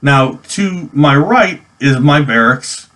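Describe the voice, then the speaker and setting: A New York man in his forties vlogs about his army days, telling a personal memory slowly in a slightly high, animated, fairly bright voice. The story rambles casually, full of restarts and fillers.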